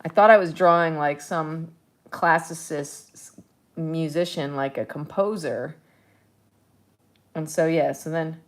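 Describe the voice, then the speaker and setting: A woman's voice: sits low, unhurried, pauses often. A woman artist talking casually to the viewer as she paints, chatty, playful and thinking aloud. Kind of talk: casual narration while painting.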